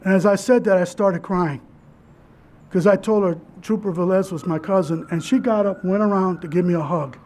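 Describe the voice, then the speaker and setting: Man, keynote speaker at a memorial, high voice, earnest and halting, restarts often. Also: a little mellow. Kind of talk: personal memorial speech.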